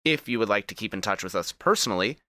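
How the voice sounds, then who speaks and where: A man with a low, bright and crisp voice closes out a gaming podcast episode. He speaks smoothly, like an announcer, and the recording is dry and close. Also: animated, fast, dry recording. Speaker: podcast host. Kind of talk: podcast outro, casual group chat.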